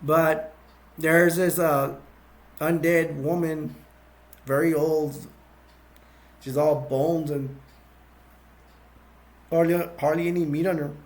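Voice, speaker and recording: A man with a slightly high voice recaps a film's plot in loose, casual talk. He wanders through the story with plenty of fillers, false starts and self-corrections. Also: fairly even intonation, takes it slowly, long pauses. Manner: rambling, with many fillers and restarts. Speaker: movie reviewer.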